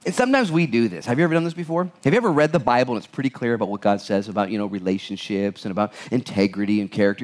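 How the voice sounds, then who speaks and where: A man preaching a sermon as pastor, animated, acting out the people in the Bible passage with jokes. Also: on the low side, very fast, few pauses.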